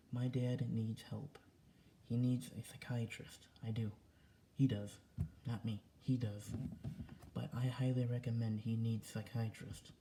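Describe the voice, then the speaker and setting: A young man vents into his camera at home in a flat, dark voice, circling back to the same points again and again. He swears freely and sounds agitated. A faint hum of room noise sits under the recording. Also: medium pitch. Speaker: vlogger. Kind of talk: casual vlog rant. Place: home indoors.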